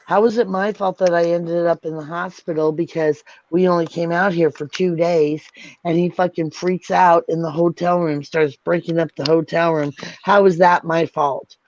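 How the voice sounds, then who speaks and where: A woman's voice: fairly low pitch, fairly even intonation, normal speed, a little mellow, slight background noise. A woman hosting a livestream, ranting angrily and swearing, repeating herself as she vents. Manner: furious, profane, repetitive ranting. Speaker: channel host. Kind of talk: angry livestream rant. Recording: dull lo-fi dry sound.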